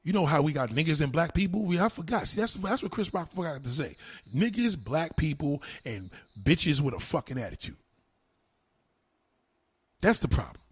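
Man, live-stream rant, mocking and profane, higher voice, dry close sound. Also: sing-song, moderate pace, husky, no room sound. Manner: heated, mocking, swears constantly.

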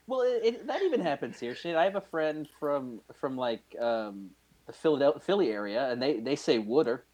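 A man hosting a casual chat, asking lots of questions and breaking into quick laughs. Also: on the high side, expressive, darkish tone, dull audio.

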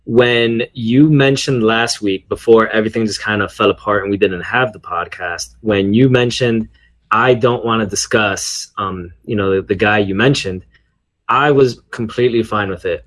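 A man co-hosting a podcast, speaking in a measured way with some hesitations. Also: lowish voice, fairly bright tone. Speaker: podcast co-host. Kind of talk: casual podcast chat.

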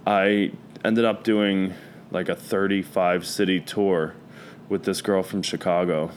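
A man with a lowish voice spins rambling, profane stories in casual conversation. He strings thoughts together with lots of fillers and restarts. A faint hiss sits under the recording. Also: fairly even intonation, unhurried. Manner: rambling storyteller, loose and profane, many fillers. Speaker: guest. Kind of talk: casual chat.

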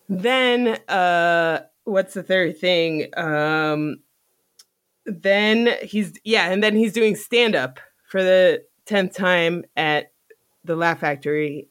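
Animated, swearing podcast storyteller, dry sound. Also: medium pitch, no echo. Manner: animated, profane storytelling with frequent laughs. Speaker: podcast host. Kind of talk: casual chat.

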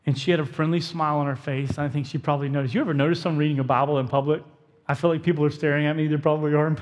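A young male pastor delivers a sermon as a conversational story, often voicing his own inner thoughts as he goes. His voice sits a little higher than most men's. The sound carries a long reverb, as if it fills a large church hall. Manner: storytelling, conversational, talks to himself in quotes.

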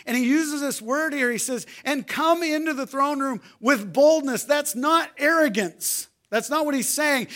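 A male pastor preaching a sermon, repeating key phrases, swinging between hushed, soft delivery and loud shouted appeals. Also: extremely high pitch, unhurried, hardly any pauses.

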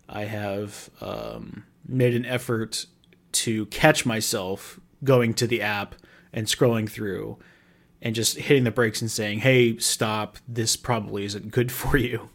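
Wry, rambling man hosting a podcast. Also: medium pitch. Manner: wry, self-mocking, swears casually. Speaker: podcast host. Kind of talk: casual solo podcast monologue.

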